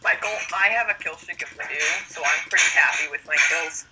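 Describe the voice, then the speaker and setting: A friend chatting calmly and matter-of-factly about a game over a voice call. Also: medium pitch, brisk. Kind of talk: casual chat over a call. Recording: noisy internet call audio.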